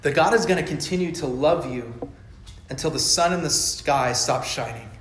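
A man's voice: a little high, moderate pace, slight background noise. Fervent male preacher in an echoey church. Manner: emphatic, rising to loud fervor. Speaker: pastor. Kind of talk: sermon.

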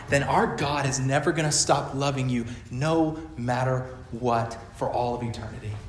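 A man preaching an emphatic sermon to his congregation, building to loud fervor. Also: mid-range voice. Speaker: pastor. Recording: echoey church hall.

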